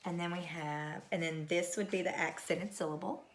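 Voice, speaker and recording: A woman's voice: fairly low pitch, fairly even intonation, moderate pace. A woman teacher giving a recorded phonics lesson to young pupils, patiently repeating each word. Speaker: third grade teacher.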